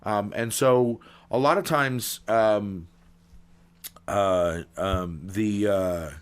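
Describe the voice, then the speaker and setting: Rambling low-voiced man telling pun setups. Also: very slow, clear, resonant tone. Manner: rambling, many ums and restarts. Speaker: podcast co-host. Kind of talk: casual comedic chat.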